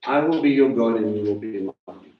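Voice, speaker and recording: A man's voice: medium pitch, dull audio. Man teaching in an echoey hall. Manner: animated, questioning, slows to stress key words. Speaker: teacher leading a Passover Seder. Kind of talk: sermon-style teaching. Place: congregation hall. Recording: echoey room, voice from a distance.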